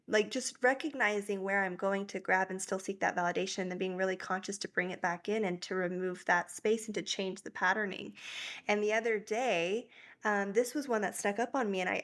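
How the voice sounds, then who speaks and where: An earnest young woman talks through her story as a podcast guest, in a voice sitting at an ordinary middle pitch. She is reflective and open, and she shifts easily into quoting other people as she goes. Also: a bit bright. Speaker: guest, breathwork facilitator. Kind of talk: conversational interview.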